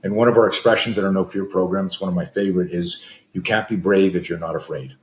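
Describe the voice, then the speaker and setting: A man's voice: low voice, steady tone, quick pace, a little mellow. A middle-aged man, a self-defense coach, answering interview questions in a loose storytelling way with frequent fillers and restarts. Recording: echoey room.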